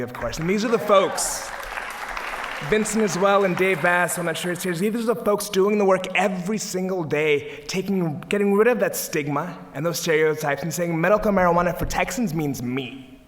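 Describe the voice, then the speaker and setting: This young man has a fairly high, fairly bright voice, with slight background noise around him. He's at a podium in a lecture hall, speaking on an advocacy group's panel and rallying listeners with enthusiastic, humorous energy.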